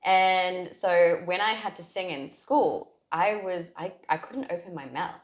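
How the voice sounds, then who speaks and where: A woman's voice: fairly low pitch, measured pace, a little hiss or hum. A woman, a podcast guest, telling a personal story in a heartfelt, rambling way, with many "like"s and restarts. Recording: roomy echo.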